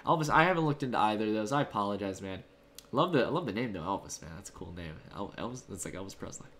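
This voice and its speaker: A man's voice: lowish voice, animated, fast talker, fairly bright tone, slight background noise. A man hosting a live stream, answering his viewers' chat messages in a casual, upbeat, rambling way. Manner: loose, rambling delivery with fillers and restarts. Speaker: livestream host.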